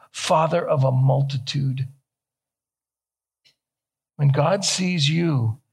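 This young man preaches in a fairly high voice that's gravelly and slightly rough. His pace is slow and deliberate, he emphatically repeats key phrases, and he rises with feeling whenever he reaches a quoted question.

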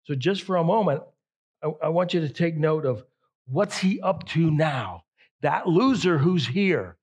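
A pastor preaching a sermon with emphatic delivery, repeating phrases for effect. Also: male voice, a little high, expressive, unhurried, breathy edge.

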